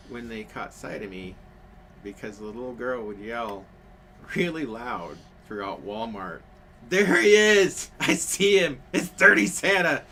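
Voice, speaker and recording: A man's voice: on the low side, a bit bright, a little hiss or hum. A man telling a rambling story in casual chat on a craft stream, full of fillers and restarts.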